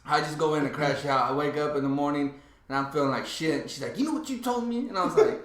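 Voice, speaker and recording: A man's voice: on the high side, quick pace, reverberant, a crowd in the background. A man telling a rowdy story in casual chat as a podcast guest, laughing through it and swearing freely. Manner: laughs through his story, animated, profane. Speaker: guest, host's younger brother.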